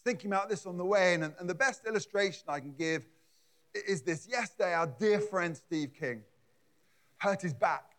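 A man's voice: high-pitched, lively intonation, a little fast, fairly bright tone. A man preaching a conversational sermon in a church, often repeating words and adding asides. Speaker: pastor.

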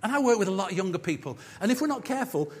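A man preaching a sermon as pastor, animated, acting out voices, with jokey asides. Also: high voice, very fast, breathy edge. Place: church. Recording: church hall with long reverb.

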